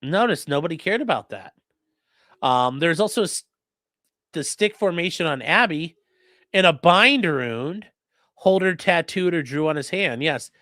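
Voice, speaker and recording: Lawyer guy on a livestream, sarcastic, super lively voice, bright and dry. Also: on the high side, measured pace, pauses often, no echo. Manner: sarcastic, animated. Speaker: attorney and channel host. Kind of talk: livestream legal commentary.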